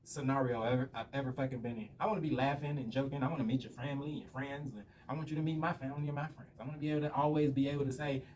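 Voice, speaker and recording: Fast-talking profane man ranting. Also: medium pitch, steady tone, darkish tone. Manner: profane, rambling storyteller. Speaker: vlogger. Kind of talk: casual rant monologue. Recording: slightly distant mic with faint room noise.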